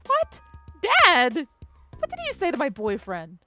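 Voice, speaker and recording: A young woman from a game story, her voice pitched high and pleading, affectionate toward her boyfriend and exasperated with her dad, as a woman streamer reads her lines. Faint music plays underneath. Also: big pitch swings, fairly quick. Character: young woman, sweet and protective girlfriend.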